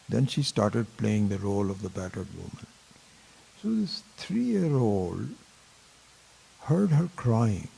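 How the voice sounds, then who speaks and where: A man teaching a Vedanta class, telling a story slowly with many pauses and fillers. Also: lowish voice, very animated, gravelly, dark tone, slightly rough. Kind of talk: spiritual lecture with story.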